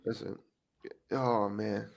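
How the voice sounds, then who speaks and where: A man's voice: fairly low pitch, steady tone, slow, gravelly, noisy background. A tired man co-hosting a casual podcast livestream, rambling, joking at himself and swearing often. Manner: rambling, self-mocking, swears a lot. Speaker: podcast co-host.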